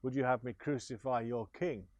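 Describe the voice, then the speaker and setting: A man's voice: medium pitch, normal speed, a little mellow, no room sound, muffled recording, lightly acted. A man voicing a stern Roman governor. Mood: pressing.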